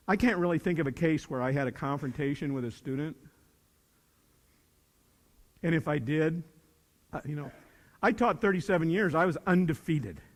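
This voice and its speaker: A man in his sixties, a retired teacher, gives a folksy, plainspoken talk to high school students, swinging from loud to hushed. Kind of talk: motivational speech to students. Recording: long reverb of a large hall.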